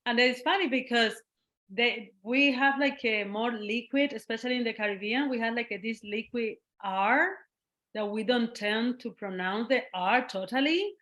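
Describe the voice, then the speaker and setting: A woman from Cuba with a Cuban Spanish accent, a guest in a casual interview conversation who is animated, laughs often and acts out the voices she quotes. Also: a little high, normal speed. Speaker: guest artist.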